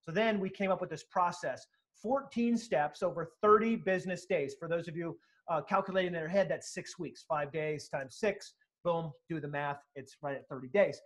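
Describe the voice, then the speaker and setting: A man with a fairly high speaking voice talks through an interview answer at full energy. He is emphatic and animated, acting out quotes in other voices as he explains a sales method. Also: normal speed. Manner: animated, emphatic, acts out quotes, occasional profanity. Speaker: sales speaker and author, guest.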